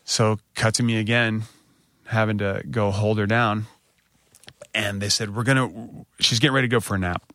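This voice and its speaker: A man in his thirties, a podcast co-host, telling a candid story and jumping up in pitch when he quotes himself. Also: normal speed, dry recording. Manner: animated retelling, voice rising when quoting himself.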